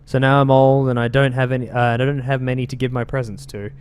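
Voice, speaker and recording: A man reading the words of an old woman rambling about carved bones, in an unhurried, creepy way, reading game lore aloud. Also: medium pitch, level tone, a little mellow, slight background noise, lightly acted. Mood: eerie.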